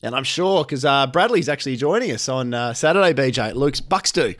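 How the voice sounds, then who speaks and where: Australian male co-host, mid pitch, blunt cheeky banter, swears freely. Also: lively intonation, a little fast, a bit bright. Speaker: podcast co-host. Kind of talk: casual chat.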